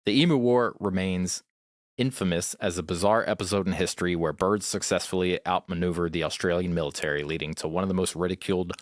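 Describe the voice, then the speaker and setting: A man with a notably low voice reads a history passage aloud in an even, measured way. He sounds close and dry, with no room around him. He co-hosts a loose podcast and drifts into casual banter between paragraphs. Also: no room sound. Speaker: podcast co-host.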